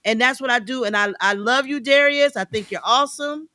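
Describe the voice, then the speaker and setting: A woman's voice: high voice, a little fast, sharp tone, no room sound. A woman and mother speaking as a guest on a talk show, earnestly giving advice and repeating her points for emphasis. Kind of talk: casual talk show chat.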